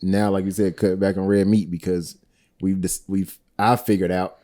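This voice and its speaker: Male guest, 30s, lowish voice, laid-back conversational delivery. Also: normal speed. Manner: easygoing, relaxed, often saying "you know what I mean". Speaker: podcast guest. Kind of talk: casual chat.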